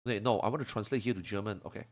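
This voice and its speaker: A man streaming a game, muttering to himself and then breaking into loud, sweary rants, switching between English and Chinese. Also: very fast. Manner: swings from low muttering to loud angry outbursts, swearing. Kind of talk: casual live-stream talk.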